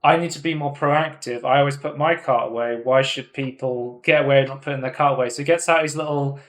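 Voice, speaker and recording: A man hosting a casual podcast, chatting in an animated way and swearing often. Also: medium pitch, quick pace. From United Kingdom. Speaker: podcast host. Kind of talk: casual chat.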